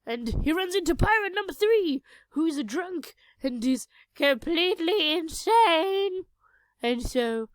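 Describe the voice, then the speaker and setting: With lively intonation and a high-pitched voice at normal speed, a young woman chats through the events of a tabletop game, poking fun at herself in a crude, meandering way. The sound is dry, recorded on an inexpensive home mic.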